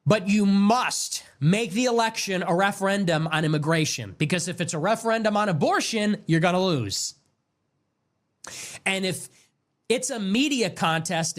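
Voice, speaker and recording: A man's voice: high-pitched, fairly bright tone. A man hosting his own show, delivering an emphatic political commentary monologue and repeating words for stress. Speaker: show host.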